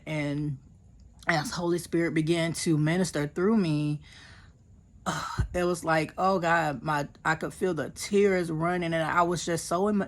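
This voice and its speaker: In a casual vlog, an American woman with a deep voice earnestly and emotionally recounts her mission trip. Her telling is full of fillers and restarts.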